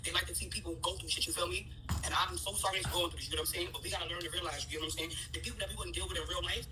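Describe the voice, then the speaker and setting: New york guy rattling off advice quick, far from the mic, faint music. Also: on the high side. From New York City. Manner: fast, filler-heavy street talk. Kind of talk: live-stream advice.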